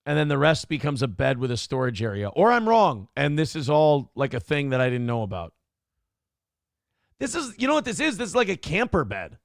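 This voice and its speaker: Brief: male morning-show co-host, gravelly and fairly high-voiced, swearing and joking through casual banter. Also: a little fast, no echo, clean studio sound. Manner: profane, joking, animated riffing.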